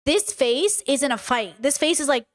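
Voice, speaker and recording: This podcast host, a young adult woman whose voice sits high, runs an animated solo monologue in a casual tone. She swears freely and breaks into brief mimicry of others.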